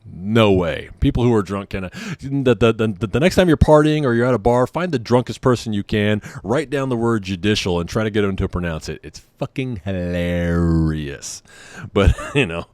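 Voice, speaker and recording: Low-voiced man telling a rambling story. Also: lively intonation, a little fast, a little mellow, dry recording. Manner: self-deprecating, rambling, frequent laughs. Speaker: podcast host. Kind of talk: casual storytelling monologue.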